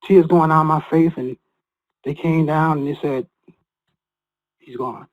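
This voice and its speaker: A man speaking as a guest, telling an emotional personal story in an earnest, halting way with many repeated restarts. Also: on the high side, steady tone, low-quality recording.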